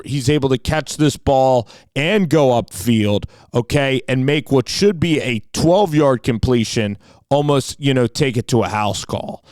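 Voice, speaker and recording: Excited man breaking down game film. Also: mid-range voice, clean tone, no echo. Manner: enthusiastic, fills with "like" and "you know". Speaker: football film analyst.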